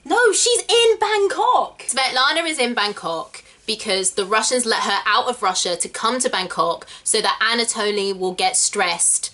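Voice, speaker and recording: A woman hosting a casual chat, animatedly retelling a musical's plot and acting out the characters. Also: mid-range voice. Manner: animated, acts out characters in quick voices. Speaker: channel host explaining a musical.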